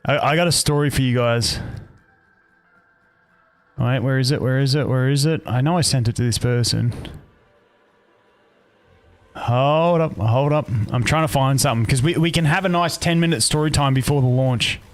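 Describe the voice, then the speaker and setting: A young man streams and chats casually with viewers, his medium-pitched voice at normal speed with frequent pauses and faint music behind. He tells rambling stories full of swearing, restarting as he goes.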